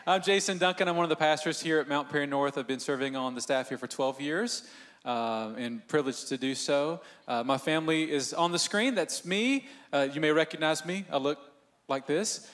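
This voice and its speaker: A man's voice: fairly high pitch, moderate pace, a bit bright. Joking, heartfelt pastor, a man. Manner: joking, self-deprecating, heartfelt. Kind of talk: church panel discussion.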